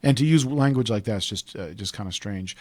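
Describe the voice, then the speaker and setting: Male radio host, quick casual patter, dry close mic. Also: on the low side, lively intonation, darkish tone, dry recording. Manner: rambling, chatty, digresses with asides.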